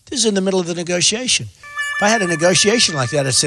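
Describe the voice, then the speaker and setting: A man's voice: high voice, expressive, very fast, noisy background. A man giving rambling, repetitive, emphatic answers as a candidate fielding questions. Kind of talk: rambling stump-speech answers. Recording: echoey hall.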